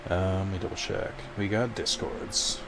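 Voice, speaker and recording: A man's voice: deep voice, fairly even intonation, moderate pace, gravelly, noisy background. A man streaming a video game, rambling casually to his chat and swearing now and then. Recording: game music underneath.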